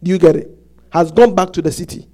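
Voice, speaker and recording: A pastor with a high voice delivers a sermon to his congregation in halting bursts, restarting often. He's animated, insistent and repetitive, and keeps asking them, "Do you get it?"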